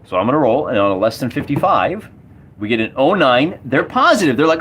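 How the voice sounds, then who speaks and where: Guy narrating his solo tabletop game, rambly and excited, voice bouncing all over, faint hiss in the background. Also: mid-range voice, a little fast. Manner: enthusiastic, rambling with restarts. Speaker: solo wargamer running a game. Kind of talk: casual game commentary.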